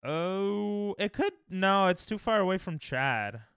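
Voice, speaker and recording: A young man from the US with a high, animated voice takes it slowly, sounding a bit bright, clear and resonant. He's streaming a geography guessing game, thinking aloud and trash-talking his chat, in clean studio audio without echo.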